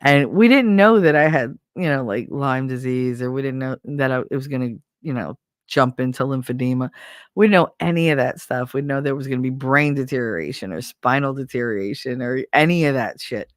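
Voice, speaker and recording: A woman with a deep voice tells stories on her podcast, animated and swearing freely. She sounds close and dry, with no room echo. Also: brisk. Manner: profane, animated storyteller. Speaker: podcast host. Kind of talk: casual storytelling chat.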